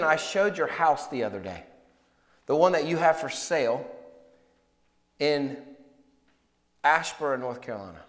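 A man preaching a sermon, swinging from loud declarations to hushed asides and telling stories with rhetorical questions. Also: a little high, long reverb tail.

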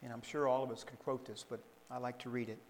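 A man preaching a sermon, reading scripture aloud in a measured way and explaining it to the congregation. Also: mid-range voice, little pitch movement, in a large hall, a little hiss or hum, low-quality recording. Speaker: pastor.

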